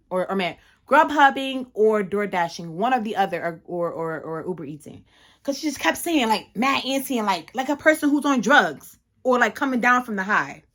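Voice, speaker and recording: A woman's voice: medium pitch, a bit bright. Casting: young adult woman, single-mom vlogger, blunt, profane and heated storytime rant, mid-range voice.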